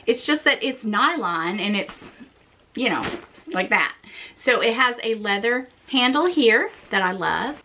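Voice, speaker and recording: A woman's voice: fairly high pitch, sharp tone. A woman chatting casually as she reviews her backpacks for her channel, friendly and full of fillers. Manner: chatty, confiding, lots of fillers. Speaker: fashion vlogger.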